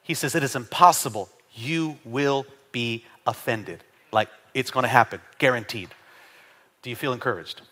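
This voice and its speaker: A middle-aged male pastor with a mid-range voice preaches a sermon in a church sanctuary at a normal speed. He's animated and playful, joking with the congregation and calling for their responses.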